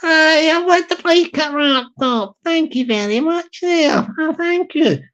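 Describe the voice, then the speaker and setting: A man's voice: very high-pitched, fairly bright tone, lo-fi sound, pitched above the performer's own voice, exaggerated voice. A man voicing a short, shy young man who buys a hat and answers the clerk hesitantly. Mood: meek. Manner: slow, hesitant and meek.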